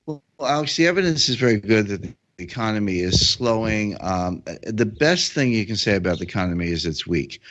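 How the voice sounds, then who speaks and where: Very deep-voiced man explaining methodically. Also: expressive, a little fast, a bit bright, muffled recording. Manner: explanatory, methodical, frequent restarts and fillers. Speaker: guest economic commentator. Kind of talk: unscripted podcast interview.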